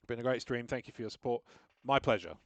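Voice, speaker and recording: A game streamer talks at a quick pace in a mid-range, fairly bright voice on a dry recording. Live and casual, he rambles and thinks aloud while working out his setup, narrating what's on screen with self-deprecating asides.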